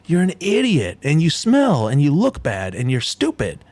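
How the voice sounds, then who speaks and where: A man's voice: fairly high pitch, wildly swooping pitch, normal speed, darkish tone, dry recording. A young man ranting on his livestream, sarcastic and mocking, swearing a lot and mimicking people in sneering voices.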